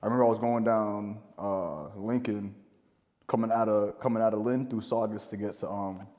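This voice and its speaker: A man's voice: on the low side, steady tone, moderate pace, darkish tone. A man, a guest in a casual chat, telling stories with laughs and swearing. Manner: laughing, profane storytelling. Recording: reverberant room.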